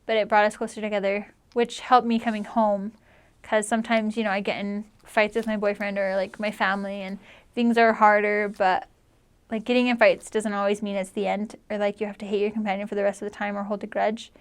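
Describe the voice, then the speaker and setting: A woman's voice: mid-range voice, level tone, fairly quick, clear, resonant tone. A young woman in her twenties, a returned missionary, telling a personal story in a chatty, earnest way with lots of "like". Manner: chatty, heavy use of "like", earnest.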